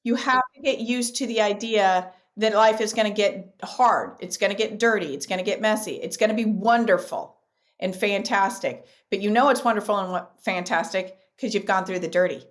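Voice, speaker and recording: A middle-aged woman guest in a podcast interview, speaking emphatically and repeating key phrases, telling lively stories. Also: medium pitch, moderate pace. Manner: animated storyteller.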